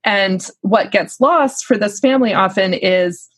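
A woman's voice: medium pitch, measured pace, breathy edge, no echo. A woman working as a lactation consultant, talking in a casual, earnest and encouraging way. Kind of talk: casual podcast conversation.

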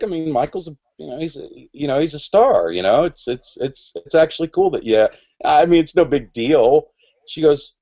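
A man's voice: mid-range voice, lively intonation, moderate pace, dark tone, lo-fi sound. A man in his forties telling a story on a podcast, rambling and restarting, acting out quoted lines. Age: 40s. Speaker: podcast guest. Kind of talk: casual storytelling.

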